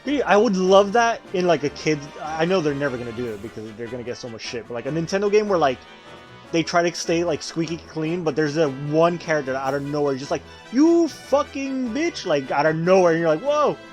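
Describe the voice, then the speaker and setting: A man streaming a video game, giving casual commentary full of swearing and animated rants. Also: fairly high pitch, fast, faint music behind.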